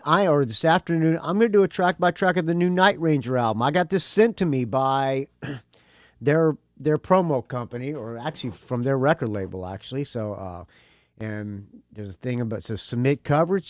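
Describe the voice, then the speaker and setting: A man's voice: on the high side, no room sound. A middle-aged man hosting his own podcast, talking casually in a rambling, joking way with lots of fillers and restarts. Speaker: podcast host. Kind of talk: casual solo podcast talk.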